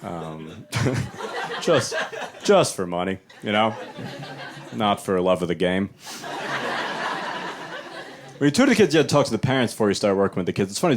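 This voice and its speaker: A young adult man doing stand-up in a small club, his fairly low voice swinging widely in pitch as he talks. The delivery is loose and conversational, and he jumps into exaggerated voices for the people in his stories. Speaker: stand-up comedian. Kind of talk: live stand-up set. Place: small club stage with live audience.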